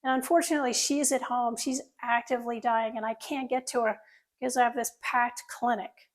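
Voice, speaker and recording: A woman's voice: a little high, fairly even intonation, brisk. A middle-aged woman, a surgeon, telling an earnest personal story to an audience, with asides to listeners.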